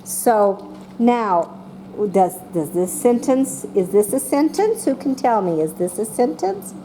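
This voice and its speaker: A woman teaching a class of young children, speaking slowly and patiently and calling on each child by name. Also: on the high side, a little hiss or hum. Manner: slow and patient, calling on children by name, voicing excited examples.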